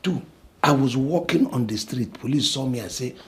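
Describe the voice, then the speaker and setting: A man's voice: mid-range voice, expressive, moderate pace, heavy background noise, natural voice. An actor with a Nigerian English accent playing an anxious, complaining young man who believes he is cursed. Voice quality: worried, complaining.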